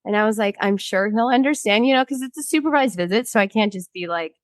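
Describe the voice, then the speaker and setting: A woman's voice: mid-range voice, fast, no echo. A woman in her thirties, a guest in an interview, telling a personal story bluntly and with frequent swearing, acting out what other people said.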